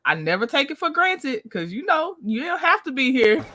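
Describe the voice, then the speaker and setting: A woman's voice: sits high, very animated, normal speed, sharp tone. A woman hosting a casual live stream, upbeat and chatty, greeting viewers one by one and laughing often. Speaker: livestream host.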